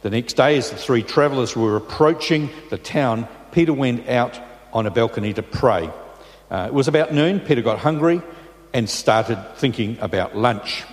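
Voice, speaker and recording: A man's voice: medium pitch, expressive, moderate pace. A man preaching a sermon in a church, talking in a conversational way and often checking in with his listeners. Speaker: pastor. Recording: long reverb in a large church.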